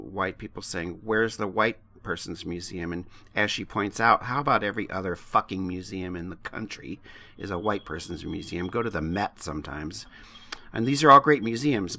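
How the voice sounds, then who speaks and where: Gravelly, bright-voiced man co-hosting. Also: low-pitched. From United States. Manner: impassioned, blunt, swears freely. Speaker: podcast co-host. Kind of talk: casual podcast chat.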